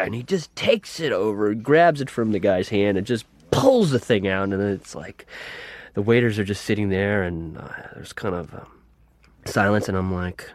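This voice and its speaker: A man's voice: lowish voice, moderate pace, no room sound. A man telling an anecdote, acting out the voices of the people in it. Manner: animated storyteller acting out voices. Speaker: interview guest telling an anecdote.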